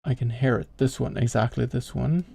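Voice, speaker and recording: Gravelly-voiced young man live-streaming. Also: medium pitch, brisk, mellow, no echo. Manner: chatty, greets viewers by name between thoughts; mutters to himself while working. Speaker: streamer and game developer. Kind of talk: live-stream chat with viewers.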